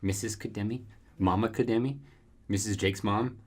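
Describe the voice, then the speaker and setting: A man's voice: fairly low pitch, moderate pace. A young man co-hosting a podcast, joking and teasing his friends in casual chat. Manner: joking, animated teaser. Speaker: podcast co-host.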